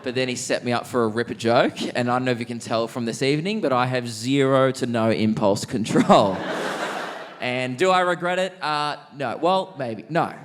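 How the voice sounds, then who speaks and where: A young Australian man doing a stand-up comedy set in a large theatre, quick-witted and cheeky, laughing mid-line. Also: mid-range voice. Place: large theatre stage, live audience.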